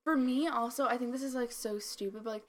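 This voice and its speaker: A woman's voice: fairly high pitch, steady tone, quick pace. A young woman co-hosting a podcast in casual chat, rambling with lots of filler words and a slight mumble. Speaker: podcast co-host.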